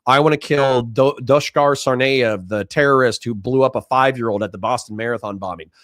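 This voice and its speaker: Young guy streaming, reads chat out loud, swears a lot, dry close sound. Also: medium pitch, brisk, dry recording. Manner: blunt, profane, reads donations aloud in mock voices. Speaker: livestream host reading chat. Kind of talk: casual livestream chat.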